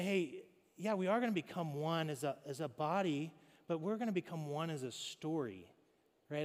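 A man's voice: a little high, big-room sound. A man preaching a sermon, speaking conversationally and with animation, addressing the congregation directly. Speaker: pastor.

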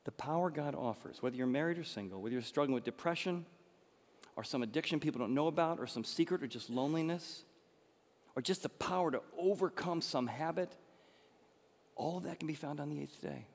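A man preaching a sermon as pastor, passionate, moving between soft and emphatic delivery. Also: on the high side, fairly quick. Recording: long hall reverb.

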